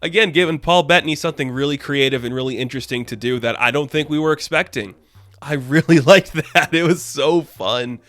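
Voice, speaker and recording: A man's voice: medium pitch, fast, few pauses, a bit bright, no room sound. A young man casually reviewing a TV episode, enthusiastic and rambling, with lots of filler words. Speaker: YouTube reviewer.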